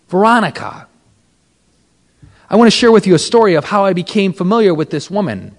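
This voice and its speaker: A male priest delivering an impassioned sermon to men, his high voice leaping up and dropping low again. The sound carries a long hall reverb. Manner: impassioned, with dramatic swings of pitch and volume. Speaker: Catholic priest. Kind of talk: sermon at a men's retreat.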